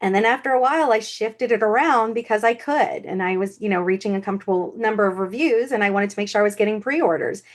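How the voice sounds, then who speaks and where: A woman's voice: medium pitch, quick pace, few pauses. A woman co-hosting a podcast who shares her own experience as an independent author in an upbeat, conversational way. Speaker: podcast co-host and indie author.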